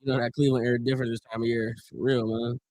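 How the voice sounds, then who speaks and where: A man from Northeast Ohio hosting a live stream, giving casual play-by-play, chatting with viewers in loose slang, his voice getting hoarse. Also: mid-range voice, level tone, fast talker, a little mellow, no echo, clean studio sound. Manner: chatty, loose slang, reads chat aloud. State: voice going hoarse.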